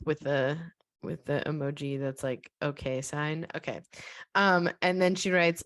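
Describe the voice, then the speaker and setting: Wry young woman, lowish voice. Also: animated. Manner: wry, teasing, quick quips. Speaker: podcast co-host. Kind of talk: casual chat.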